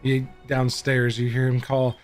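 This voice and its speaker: A man running a tabletop game as game master, talking in a relaxed way with many fillers. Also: medium pitch, a little slow. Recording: faint music behind.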